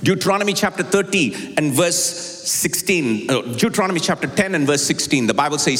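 A man preaching a sermon, telling a personal story and moving from quiet, confiding passages to high, impassioned climbs. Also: animated, a little fast, few pauses. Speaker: pastor. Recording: long hall reverb.

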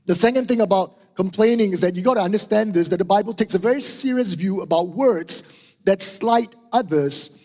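Middle-aged man, high-voiced emphatic preacher, long hall echo. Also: a little fast, darkish tone. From Singapore. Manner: emphatic, repeats key phrases, asks "right?" and "okay?". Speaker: pastor. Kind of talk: sermon. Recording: hall reverb.

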